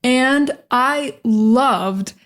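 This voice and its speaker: A young American woman leads a pronunciation lesson in an upbeat, emphatic way, drilling words over and over. Her voice sits a little high for a woman. She speaks straight to her viewers like a teacher. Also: very slow.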